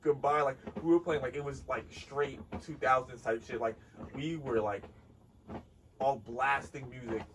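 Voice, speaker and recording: A man casually telling a story on a podcast, animated and profane, laughing often. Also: mid-range voice, unhurried. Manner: animated, laughing, swears freely. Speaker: podcast co-host. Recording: distant mic with clear background noise.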